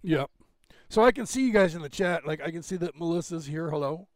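A man hosting a casual livestream, rambling and interrupting himself while he fixes his screen share, clearing phlegm from his throat. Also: on the high side, expressive, a little fast, dry recording. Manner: rambling, self-interrupting while fixing tech. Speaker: livestream host.

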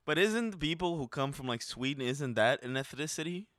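A man's voice: fairly high pitch, expressive, fairly quick, fairly bright tone, no echo, studio quality. A man from Brazil, co-hosting a podcast in a casual, teasing, argumentative way. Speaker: podcast co-host.

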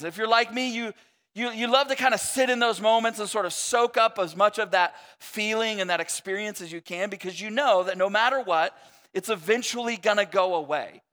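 High-voiced man preaching in a reverberant hall. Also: bright, forceful tone. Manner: conversational, self-deprecating, jokey asides. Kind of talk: sermon. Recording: long reverb of a large hall.

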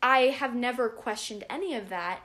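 A woman's voice: a little high, normal speed, fairly bright tone. Chatty young woman podcast host. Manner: chatty, rambling with fillers. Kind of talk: casual chat.

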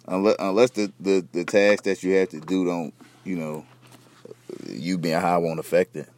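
A man's voice: low voice, fairly even intonation, moderate pace, darkish tone. A young man hosting a podcast, rambling in loose, slangy, profane casual chat. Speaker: podcast host.

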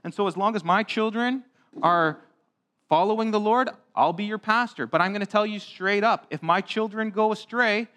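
A man's voice: sits high, normal speed, fairly bright tone. A male pastor giving a child-friendly sermon in church, chatty and asking the congregation questions. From grew up on a farm. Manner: conversational, asks the congregation questions.

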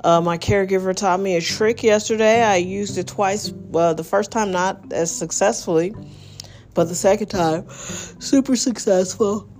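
A woman's voice: mid-range voice, fairly even intonation, moderate pace, a little mellow, soft background music. Tired, rambling woman podcast host. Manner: rambling, tired, yawning, with many fillers. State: exhausted. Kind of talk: casual solo podcast monologue.

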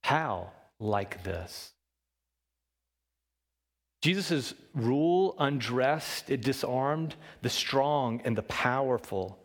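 A man preaching a sermon, shifting between loud emphasis and hushed low lines and asking the congregation questions. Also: expressive, drawn-out words, in a large hall. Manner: talks with the congregation, asks them questions. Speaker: pastor.

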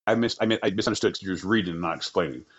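A man's voice: deep voice, racing, highs cut off. A man co-hosting a casual podcast, joking and swearing, often acting out silly voices. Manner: joking, profane, acts out mock voices. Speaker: podcast co-host.

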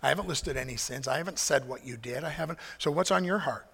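A man's voice: a little high, fast talker, gravelly, a bit bright, husky, long reverb tail. A male pastor preaching a sermon in a conversational way, mixing anecdotes with scripture.

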